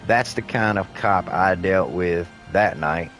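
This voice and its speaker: A man's voice: deep voice, slow pace, a bit bright, faint music behind. A man giving heated, profane, rambling commentary while he plays a video game. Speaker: gaming streamer.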